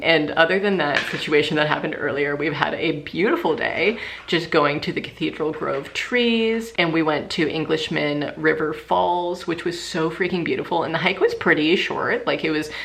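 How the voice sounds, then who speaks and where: Speaking into a handheld camera indoors at a rented cabin after dark, a young woman tells stories in a casual, filler-heavy, chatty vlog. Her voice sits low with vocal fry and a slightly bright tone, and there's a bit of hiss or hum.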